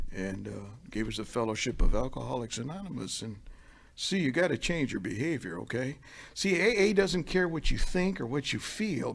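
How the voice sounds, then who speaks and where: A man giving a blunt, wisecracking motivational talk at a recovery meeting, swinging from low murmurs to loud emphatic bursts. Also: creaky. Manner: blunt, wisecracking, street-talking.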